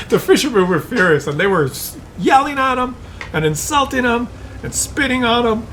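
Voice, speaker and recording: Chatty high-voiced man telling tales. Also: sing-song, unhurried, fairly bright tone, slight background noise, rough recording. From Canada. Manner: rambling, chuckling, mock voices for others. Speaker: gameplay commentator. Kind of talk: casual storytelling over gameplay.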